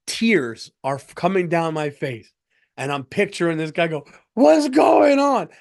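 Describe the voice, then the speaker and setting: A middle-aged man hosts a comedy podcast, animatedly telling a story while stumbling through restarts and bursting into laughter. His voice is a little high, and he talks at a normal speed.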